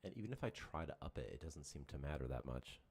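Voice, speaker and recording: Brief: deep, low man, casual swearing game dev streamer, muttering frustration. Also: expressive, fast, darkish tone, slightly rough. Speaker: game developer on a livestream. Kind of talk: casual livestream chat. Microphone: desk microphone at a computer.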